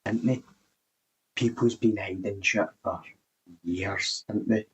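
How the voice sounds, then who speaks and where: A man's voice: fairly low pitch, fairly even intonation, takes it slowly, breathy edge, low-quality recording. A man vlogging in a meandering, rambling casual chat, swearing casually.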